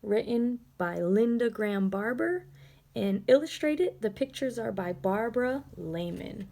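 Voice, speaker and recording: A woman reading a children's storybook aloud in a gentle, expressive way. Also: on the high side, a little slow, creaky.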